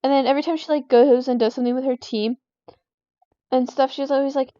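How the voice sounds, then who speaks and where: High-voiced teen girl venting. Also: fairly even intonation, quick pace, mellow, no echo, dull audio. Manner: rambling, full of "like" fillers, exasperated. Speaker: gaming vlogger. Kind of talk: casual venting while playing a game.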